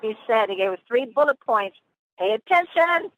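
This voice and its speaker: A woman's voice: on the high side, expressive, normal speed. A woman hosting a conference call in an upbeat, affectionate way, calling her listeners family. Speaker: host. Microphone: phone. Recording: dull dry phone line.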